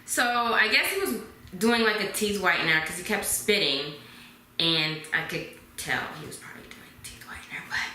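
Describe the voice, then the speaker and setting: Young woman spinning a wild story for her vlog, super bright voice swinging all over, echoey room. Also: medium pitch, moderate pace, slight background noise. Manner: animated, dramatic storytelling that drops to hushed whispers. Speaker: vlogger.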